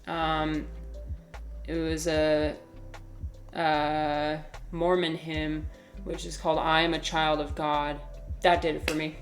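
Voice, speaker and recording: A woman talking casually on a livestream, reading chat aloud. She is animated, swears freely, laughs often and uses many fillers. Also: sits low, slow, long pauses, soft background music.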